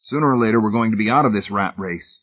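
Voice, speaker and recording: A man voicing a decisive, commanding leader who speaks forcefully. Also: on the low side, fast talker, pitched above the performer's own voice, lightly acted. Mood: assertive. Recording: tinny phone-like sound.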